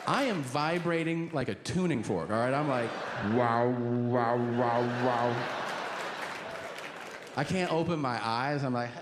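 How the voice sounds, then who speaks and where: A man doing stand-up comedy on a club stage, animated and profane, now and then shouting a line. His pitch swings widely as he tells the story. A loud crowd laughs under a steady hiss of room noise. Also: moderate pace, few pauses.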